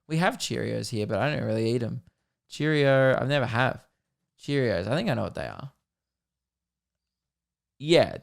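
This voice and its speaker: Young Aussie male podcast host, loose and jokey, casual swearing, medium pitch, clear tone. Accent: Australian. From Australia. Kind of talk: casual solo podcast chat.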